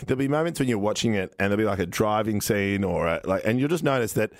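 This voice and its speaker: A man in his thirties with an Australian accent hosts a podcast, chatting casually and telling rambling stories packed with fillers. His voice is on the low side, quick and lively, with a dry, studio-quality recording.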